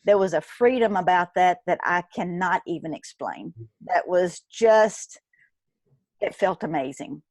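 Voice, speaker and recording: Woman, 50s, interview guest, animated storytelling, dry close sound. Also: fairly low pitch, measured pace, dry recording. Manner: animated, acts out quoted dialogue, laughs often. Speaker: guest, retired nurse turned business owner.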